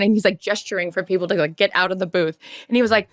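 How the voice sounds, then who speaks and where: Woman podcast co-host, mid-pitched, dry close mic, animated storyteller who acts out quotes. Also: fast, no echo. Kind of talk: casual storytelling chat.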